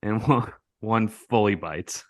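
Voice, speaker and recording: A man's voice: lowish voice, slow. An American man in casual conversation, animatedly telling a prank story and acting out the lines of the people in it. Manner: animated storyteller, acts out quotes loudly.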